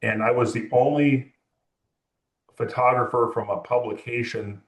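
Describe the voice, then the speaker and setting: A man's voice: mid-range voice, fairly even intonation, a little slow, roomy sound. A man from California, a music photographer, telling a long story in an interview with many fillers and restarts.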